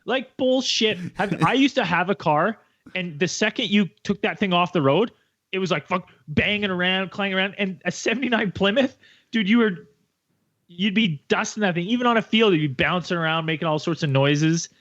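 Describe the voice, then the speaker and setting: A man's voice: sits high, a little fast, muffled recording. A man co-hosting a podcast in casual chat, cursing freely and acting out little scenes in silly voices. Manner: animated, profane, acts out scenes in silly voices. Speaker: podcast co-host.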